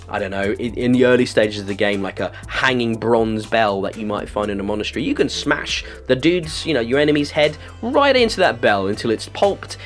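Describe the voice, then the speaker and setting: A man hosting a casual video game review podcast, talking with gushing enthusiasm and plenty of filler words. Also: mid-range voice. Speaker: podcast host.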